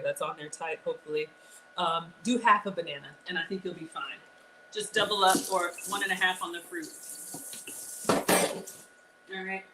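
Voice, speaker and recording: Woman host, chatty live-stream cooking demo, slight background noise. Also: mid-range voice. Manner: chatty, talks straight to viewers.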